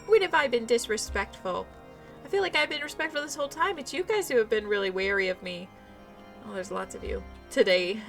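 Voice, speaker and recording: A woman's voice: a little high, expressive, brisk, creaky, fairly bright tone. Playful woman gamer commentating. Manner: playful, joking asides. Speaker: gaming channel host. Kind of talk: game playthrough commentary. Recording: faint music behind.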